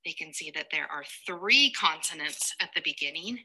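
A woman teacher giving lively step-by-step instructions for a reading game, addressing the parent directly. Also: low-pitched, normal speed, few pauses, background noise.

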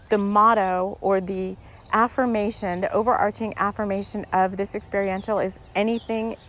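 A woman's voice: medium pitch, gravelly. A woman hosts a spiritual podcast in a loose, heartfelt ramble. She talks earnestly, often stopping to restart her thought. A faint hum of background noise sits behind her. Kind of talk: casual spiritual guidance talk.

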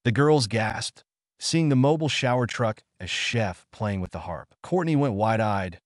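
A man reads a story aloud in a lowish voice that still moves a lot in pitch. His delivery is an even storybook reading, recorded dry and close with no room sound. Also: measured pace, no echo. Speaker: narrator. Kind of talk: reading fan fiction aloud.

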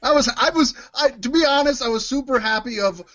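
A man's voice: very high voice, brisk, fairly bright tone, muffled recording. A man co-hosting a podcast, laughing a lot and reading news items in casual comedic chat. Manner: giggly, jokey, reads news. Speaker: podcast co-host.

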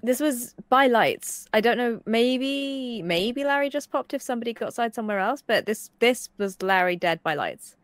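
A woman's voice: on the high side, expressive, normal speed, hardly any pauses, no echo. A woman in a voice chat, playing a game and thinking aloud in a hedging way. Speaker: game player. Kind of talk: casual gaming chat.

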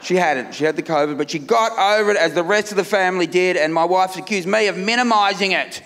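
A middle-aged Australian man doing a loud, brash stand-up comedy set on a festival stage, laughing at his own jokes. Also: high-pitched, fast talker. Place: comedy festival stage before a live crowd. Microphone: stage microphone.

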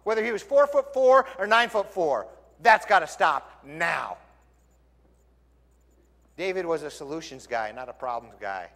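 A male pastor preaching a sermon in a lively, conversational storytelling way, in a church sanctuary. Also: on the high side, measured pace, long pauses. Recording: long church hall reverb.

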